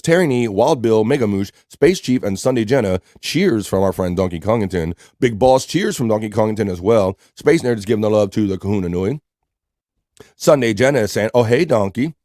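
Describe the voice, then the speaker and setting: A man's voice: fairly low pitch, a little mellow, no room sound, clean studio sound. A man hosting a casual live-stream show, reading out viewer comments and greeting them by name. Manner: reads out chat messages and greets viewers by name.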